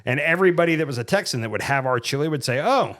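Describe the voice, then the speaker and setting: A man's voice: a little high, lively intonation, fast, fairly bright tone. A man from Ohio co-hosting a casual podcast, telling rambling stories that trail off with "so, anyhow.". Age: adult dad. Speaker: podcast co-host. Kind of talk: casual chat.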